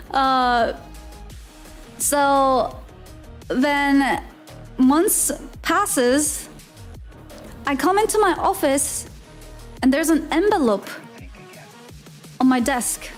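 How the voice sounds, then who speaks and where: Woman streamer, very high voice, giggly and animated, casual storytelling over faint music. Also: extremely slow, pauses often. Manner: animated, giggly, acts out the people in her story.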